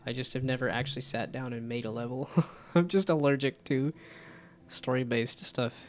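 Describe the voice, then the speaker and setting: A man's voice: medium pitch, fairly even intonation, normal speed, a little hiss or hum. A man chatting casually on a live stream about his game development projects, rambling and self-deprecating.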